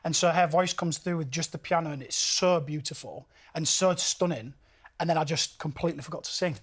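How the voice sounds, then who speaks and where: A man's voice: fairly high pitch, a little fast, breathy edge. Chatty Yorkshire man with frequent laughs. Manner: animated, laughs often, repeats words as he restarts. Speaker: singer, interview guest. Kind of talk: casual interview chat.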